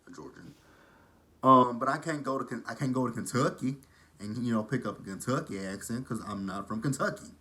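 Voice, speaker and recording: A Texan man with a southern drawl gossips casually while recapping a reality show, chatty and full of shady asides. His lowish voice sounds pushed and bright.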